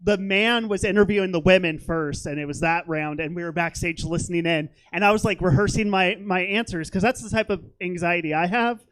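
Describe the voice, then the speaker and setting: A man's voice: high-pitched, brisk, hardly any pauses, fairly bright tone. A young man doing a stand-up comedy set on a theater stage, rambling and self-deprecating, with lots of fillers.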